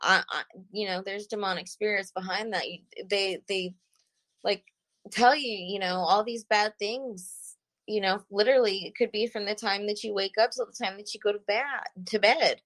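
A young woman giving a halting personal testimony as a guest, soft-spoken with many pauses. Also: medium pitch, fairly even intonation, rough recording. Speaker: guest sharing her story.

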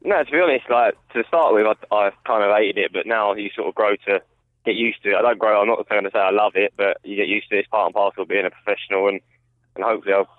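A man with a London accent, a professional boxer speaking on a phone call, laid-back and modest and quick to laugh. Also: on the low side, steady tone, no room sound. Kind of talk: interview over the phone. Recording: tinny phone line.

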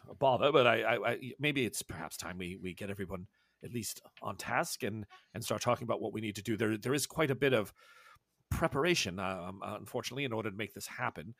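A man's voice: lowish voice, fast talker, a bit bright, no room sound, studio quality, voice pushed down. A man voicing a timid, polite male professor who stammers and keeps restarting his sentences. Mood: hesitant. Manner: hesitant, stammering, full of restarts.

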